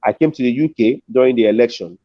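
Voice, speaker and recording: A middle-aged man with a Nigerian accent tells a long story as a guest, acting out each person in it as he goes. His voice sits at an everyday pitch. The audio is dull and dry, with the lo-fi feel of a streamed call. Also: fast, dry recording. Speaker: comedian and compere, interview guest. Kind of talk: storytelling in an interview.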